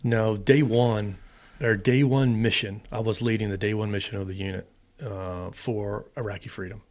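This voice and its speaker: A man's voice: fairly low pitch, normal speed. Storytelling man recounting with vigor. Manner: animated, acts out quotes with emphasis. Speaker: guest, former fighter pilot. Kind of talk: storytelling interview.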